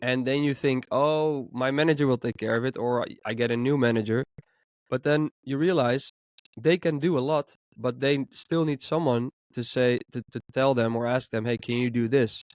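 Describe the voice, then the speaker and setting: A man's voice: mid-range voice, normal speed, dry recording, clean studio sound. A man in his thirties with a slight cold, co-hosting a podcast and chatting loosely with lots of fillers. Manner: relaxed, rambling with many fillers. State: hoarse with a cold. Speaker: podcast co-host, music producer. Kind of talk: casual podcast chat.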